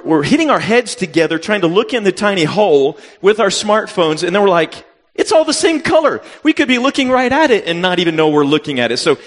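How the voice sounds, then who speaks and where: Fifty-ish guy preaching, tells a story all animated, voice bouncing up and down, echoey hall. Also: high voice. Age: 50s. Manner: animated, acts out his own reactions with sudden loud jumps. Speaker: missionary preacher. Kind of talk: storytelling sermon. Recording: long reverb of a hall.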